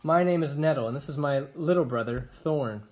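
A man's voice: a little high, moderate pace, close to an everyday voice. A man voicing a bossy, sarcastic young female bear in a storybook reading, mean and scornful.

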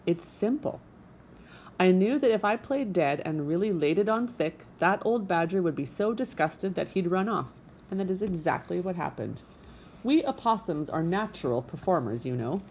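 A woman voicing a dramatic, show-off female opossum with a high, theatrical manner. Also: lively intonation, normal speed, darkish tone, a little hiss or hum. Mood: gushing.

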